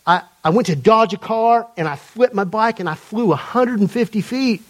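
A man's voice: high voice, normal speed, close to an everyday voice. A man playing a chatty, earnest Southern man from Atlanta in a sermon anecdote, with an imitated Atlanta accent. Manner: loud, earnest storyteller. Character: chatty Southern man from Atlanta telling his faith story.

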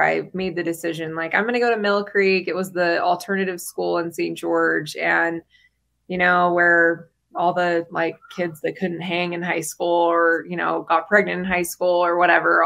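A woman's voice: lowish voice, vocal fry, bright, forceful tone. A woman in her thirties sharing her personal story as a podcast guest, chatty, with frequent fillers and laughs between phrases.

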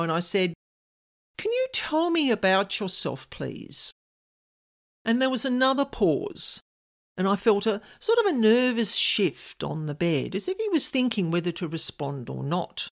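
Chatty woman telling a story. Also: medium pitch. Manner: chatty and animated, quotes voices. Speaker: podcast host. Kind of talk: personal storytelling.

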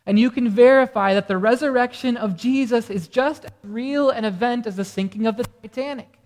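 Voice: mid-range voice, brisk, darkish tone. A pastor delivering a morning sermon earnestly, asking the congregation rhetorical questions. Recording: reverberant hall sound.

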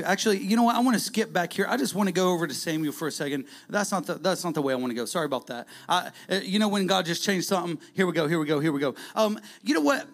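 Gravelly preacher, high and animated. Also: male voice, quick pace, faint music behind. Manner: animated, swings from loud calls to near-whispers. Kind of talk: sermon.

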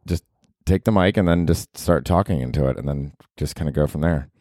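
Deadpan man in his forties hosting a podcast. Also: low-pitched, fast, no room sound, studio quality. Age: 40s. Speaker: podcast host. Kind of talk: comedic podcast talk. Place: small apartment.

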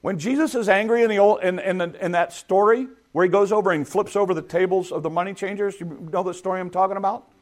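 Conversational preaching man, rather high voice. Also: fast, few pauses. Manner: conversational preaching with rhetorical questions. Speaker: pastor. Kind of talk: sermon.

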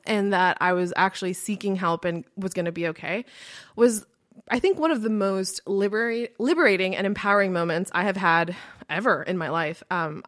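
A woman's voice: mid-range voice, fairly bright tone, no echo, studio quality. Chatty woman telling a personal story. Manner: chatty, lots of "like" and "um" fillers. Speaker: podcast host; entrepreneur. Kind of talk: casual storytelling monologue.

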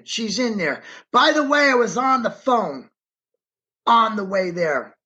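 Slow, emphatic man telling his story. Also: high voice, big pitch swings, pushed and bright. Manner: emphatic, re-enacts his own words and directs a map on screen. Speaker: interview guest, eyewitness. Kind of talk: dramatic first-person storytelling.

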